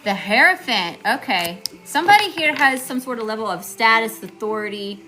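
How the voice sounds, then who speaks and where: A woman's voice: on the high side, lively intonation, normal speed, pushed and bright, a little hiss or hum. A woman with a Southern accent doing a live tarot reading, chatty and casual, greeting viewers by name between cards. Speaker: tarot reader.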